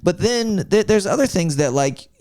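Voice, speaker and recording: A man from Florida, a comedian telling animated stories in a casual podcast chat, swearing freely and acting out voices. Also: high-pitched, moderate pace, no echo, studio quality. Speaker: comedian guest.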